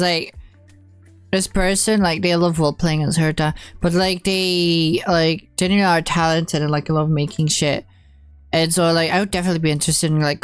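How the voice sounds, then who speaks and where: A woman's voice: fairly low pitch, clear, resonant tone, dry recording. A young woman streamer chatting casually on a live stream, blunt and teasing, swearing often.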